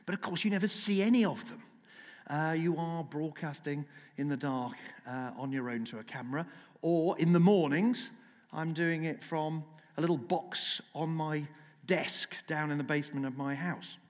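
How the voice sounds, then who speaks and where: A middle-aged man tells self-mocking stories to a festival audience, his voice pitched a touch high. The sound carries a long reverb from a large lecture hall. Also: normal speed. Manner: lively, self-mocking storyteller. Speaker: guest speaker, broadcast journalist. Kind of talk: anecdotal festival talk.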